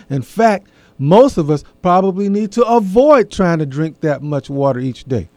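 A man's voice: on the high side, expressive, normal speed, darkish tone, no echo. A middle-aged man hosting a casual talk, addressing his audience directly and repeating key phrases for emphasis. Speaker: host.

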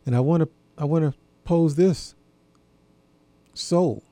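A man hosting a talk program, musing aloud in a deliberate, folksy way and posing questions to his listeners. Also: fairly high pitch, dark tone, no room sound. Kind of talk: reflective monologue.

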